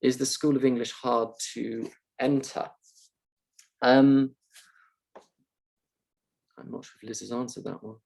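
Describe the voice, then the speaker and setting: A man who lectures at a university fields questions in a live online session over video call, hesitating and thinking aloud with many ums and uhs. He talks a little slowly with long pauses, in a mid-range, creaky, slightly mellow voice that holds a steady tone.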